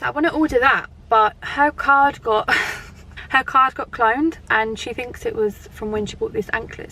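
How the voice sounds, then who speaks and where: A woman's voice: a little high, pushed and bright, slight background noise, low-quality recording. A young woman with a British accent chatting casually and rambling on while driving her car. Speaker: vlogger. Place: inside a car.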